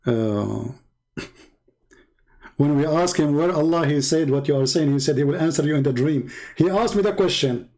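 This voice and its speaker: A man's voice: fairly high pitch, animated, normal speed, a little mellow. A man hosting a livestream, talking in a mocking, taunting way and repeating phrases for emphasis. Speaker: livestream host. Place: home setup streaming online.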